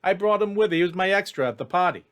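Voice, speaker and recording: A man voicing a smarmy, fast-talking male elf who wheedles and pleads nervously. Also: high voice, animated, clear, resonant tone, voice pushed up. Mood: wheedling.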